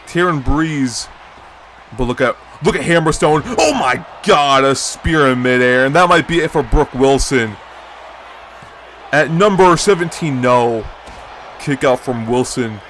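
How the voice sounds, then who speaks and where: A young man doing excited play-by-play commentary on a video game wrestling league, breaking into high shouts at big moves and chatting to viewers in between. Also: a little slow, pauses often, slight background noise.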